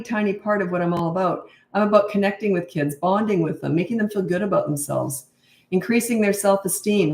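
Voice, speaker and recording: A middle-aged parenting coach gives blunt, emphatic advice during a live question-and-answer talk, acting out her own replies to children and sounding tired. Her medium-pitched voice is a little mellow, heard in an echoey room.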